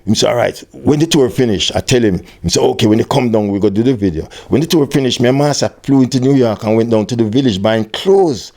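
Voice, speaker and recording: An older Jamaican man telling an animated story in an interview, with patois phrasing, acting out other people's voices. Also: fast talker, hardly any pauses. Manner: animated storyteller, acts out quoted voices at high pitch. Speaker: interviewee, music tour manager.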